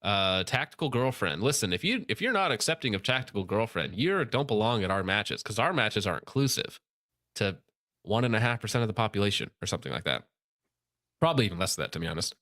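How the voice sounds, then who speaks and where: A man's voice: on the low side, sing-song, quick pace, bright, forceful tone, no room sound, clean studio sound. A man hosting a casual commentary show, reading posts aloud and mocking them sarcastically. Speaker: show host.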